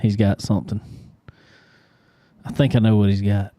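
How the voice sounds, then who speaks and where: A man's voice: fairly low pitch, flat delivery, normal speed, dark tone. A man co-hosting a casual chat, asking follow-up questions and laughing easily. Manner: easygoing, laughs often, asks follow-up questions. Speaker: podcast co-host.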